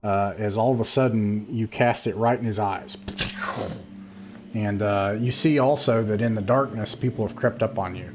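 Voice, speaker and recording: A man narrating as game master of an online tabletop game, halting and full of fillers and restarts. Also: fairly low pitch, background noise.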